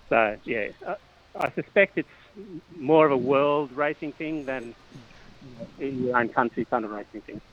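A man's voice: mid-range voice, measured pace, pauses often, lo-fi sound. A middle-aged Australian man, a cycling coach guest, talking casually with lots of fillers and restarts. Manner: hesitant, many fillers and restarts, chuckles often. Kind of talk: casual interview chat.

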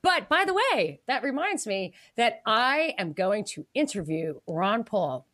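Animated, laughing woman podcast host. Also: on the high side, a little slow. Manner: animated, laughs often, acts out quoted people. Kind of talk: casual political chat.

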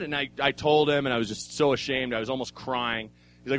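A man's voice: mid-range voice, steady tone, a little fast, a bit bright. A man doing stand-up in a comedy club, telling a rambling, self-mocking story with restarts and swearing. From Oregon, USA. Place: live comedy club stage.

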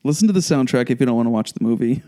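A man co-hosting a casual podcast chat, chatty and reacting quickly to his partner. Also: mid-range voice, expressive, warm tone. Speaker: podcast co-host.

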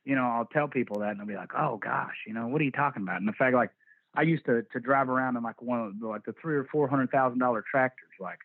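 A man's voice: medium pitch, quick pace, no echo. A man from Texas with a Texan accent, telling stories in a candid, laid-back way and swearing freely during a casual interview. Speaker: band vocalist, podcast guest. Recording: dry tinny phone-like line.

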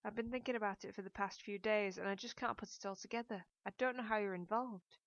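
A woman voicing a weary, calculating man who coolly presses for a favour, evasive and flat. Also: mid-range voice, fast, dry recording, close to an everyday voice. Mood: troubled. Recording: dull, dry audiobook recording.

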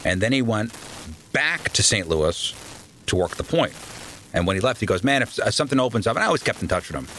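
A man's voice: fairly low pitch, fast, a little hiss or hum, low-quality recording. A man telling a long story in a casual interview, acting out the people he quotes. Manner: animated storyteller, acts out quoted voices. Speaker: radio host guest.

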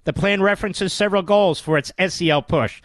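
A man's voice: high-pitched, fairly quick, no echo. Combative, sarcastic talk radio man. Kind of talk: political talk radio commentary.

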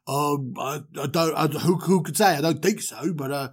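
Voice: medium pitch, moderate pace, slightly rough, close to an everyday voice. A comedian doing a weary, offhand desert leader. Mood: flustered. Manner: drawling, dismissive, starts lines with "Oi"; stammering when pressed. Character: weary offhand male leader of a wandering people.

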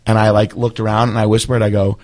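A man's voice: lowish voice, fast talker. A man telling a long story in casual chat, swearing often and rambling. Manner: profane, rambling, animated storyteller.

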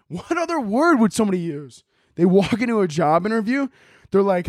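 A man's voice: sits high, sing-song, quick pace, no echo, clean studio sound. A man hosting a comedy podcast, delivering a profane, exasperated comedic rant. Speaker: podcast host. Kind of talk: ranting comedic monologue.

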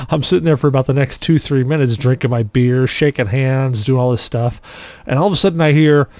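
A man co-hosting a podcast, telling a story in a casual, animated way and acting out the quotes. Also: mid-range voice, no room sound. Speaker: podcast co-host.

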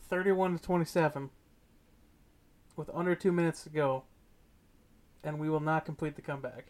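A man's voice: on the high side, fairly even intonation, normal speed, long pauses, a little mellow. A man co-hosting a sports podcast, talking casually with a blunt, teasing, emphatic manner. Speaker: podcast co-host.

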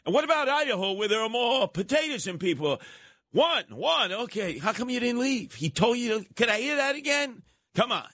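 A man's voice: very high-pitched, big pitch swings, normal speed, fairly bright tone, dry recording. A man hosting a political talk radio show, combative and mocking. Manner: combative, mocking, uses nicknames.

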